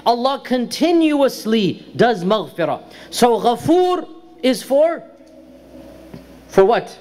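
A man's voice: very high-pitched, sing-song, slow pace, darkish tone. A middle-aged man teaching a religious lecture, explaining terms carefully and repeating key words for emphasis. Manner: pronounces Arabic terms carefully. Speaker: Islamic lecturer.

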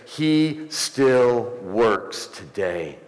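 A man preaching a sermon as pastor, rising into emphatic swells and slowing for pauses. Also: medium pitch, very animated, a little mellow. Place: church sanctuary. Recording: echoey church hall, some distance.

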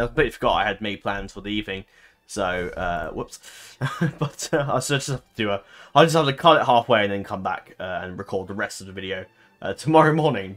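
A man of middle pitch gives loose, conversational commentary while he plays a strategy game. He rambles and stumbles, often correcting himself with an um or uh. Quiet music plays faintly behind his voice. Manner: rambling, full of ums and self-corrections. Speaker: gaming channel host.

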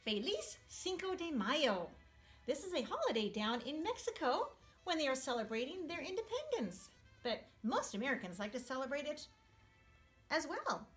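A woman teaching first graders in a playful video lesson. Her voice is extremely high and swoops widely as she coaxes and corrects, dropping in Spanish phrases. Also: normal speed, soft background music. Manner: animated, encouraging, peppered with Spanish phrases.

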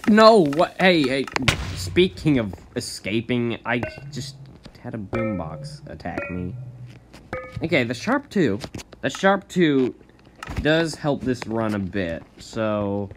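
Excitable male gamer talking through his match, chatty and giggly, average pitch. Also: takes it slowly, noisy background. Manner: excitable, rambling, laughs often, jumps to high yelps. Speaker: gaming channel host. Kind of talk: casual gameplay commentary.

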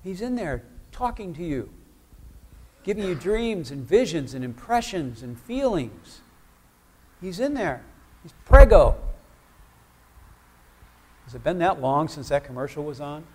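Male preacher, church sermon, conversational, asks the congregation questions, voice sits a bit high. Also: big pitch swings, moderate pace, a little mellow, husky.

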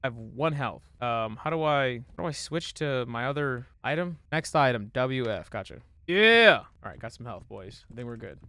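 A young man streaming a horror game demo, swearing and reacting, shifting between low muttering and sudden yelling. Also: moderate pace, few pauses, no room sound. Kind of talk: live gaming commentary.

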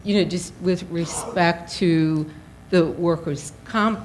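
Low-voiced woman official with many fillers. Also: fairly even intonation, takes it slowly, rough recording. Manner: hedging, many "you know" fillers. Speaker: fund official answering questions. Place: public forum.

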